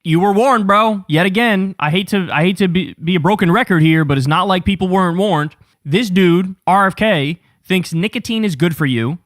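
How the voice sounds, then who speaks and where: A man's voice: high-pitched, normal speed, a bit bright, no echo, clean studio sound. A man hosting a political talk show, ranting with sarcastic, profane emphasis.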